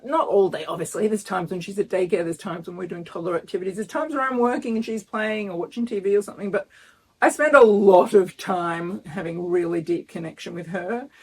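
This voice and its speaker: A woman in her 50s, close to tears, earnestly records a casual pregnancy update vlog outside her house. Her voice is fairly high with a breathy edge.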